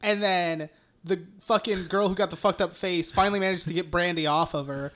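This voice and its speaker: A man's voice: sits high, fairly even intonation, fairly quick, fairly bright tone. A man co-hosting a casual film podcast, retelling the story in a rambling way. He swears constantly and breaks into laughter. His talk is loose and unscripted. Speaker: podcast co-host.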